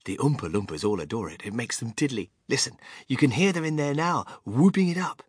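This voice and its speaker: A reader voicing an eccentric, excitable candy maker who talks in loud, high exclamations and brushes others off rudely. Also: fairly quick, slightly rough, no room sound, clean studio sound. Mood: chatty. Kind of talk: audiobook character voice.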